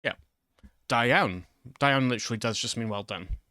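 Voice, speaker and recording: A man's voice: medium pitch, moderate pace, sharp tone, no room sound, studio quality. A man casually explaining Welsh words while reading a quiz on screen, rambling with lots of fillers and restarts. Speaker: YouTuber teaching Welsh. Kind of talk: casual screen-share commentary.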